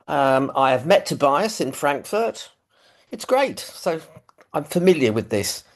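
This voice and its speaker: A man's voice: fairly high pitch, big pitch swings, a little slow. London man sharing his story on a video call. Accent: London English. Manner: self-deprecating, rambling with fillers. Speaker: recovery meeting speaker. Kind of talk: personal testimony, casual. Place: living room at home.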